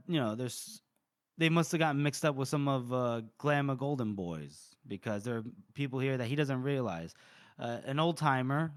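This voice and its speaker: Smooth-voiced man recapping a story. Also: medium pitch. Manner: rambling retelling with quick voiced quotes and laughs. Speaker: podcast co-host. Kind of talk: casual book recap.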